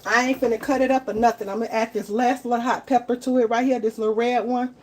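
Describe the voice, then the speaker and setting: A woman's voice: fairly high pitch, fairly even intonation, quick pace, a little mellow, slight background noise. A woman, chatting casually to viewers while cooking live in her home kitchen, often repeating herself and calling them y'all. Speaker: home cook livestreaming.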